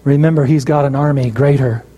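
A man preaching a sermon, telling a story emphatically with dramatic pauses. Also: mid-range voice, fairly even intonation, dark tone, in a large hall.

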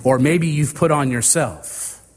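A man preaching a sermon, slow and deliberate, with dramatic pauses between phrases. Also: on the high side, long reverb tail.

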